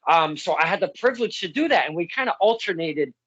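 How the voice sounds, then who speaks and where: A man's voice: high-pitched, animated, quick pace, fairly bright tone, slightly rough. Stammering man telling wrestling stories. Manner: rambling, stammers and restarts, laughs while telling stories. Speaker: podcast host and local wrestling ring announcer. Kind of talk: casual interview chat. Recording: slightly dull lo-fi sound.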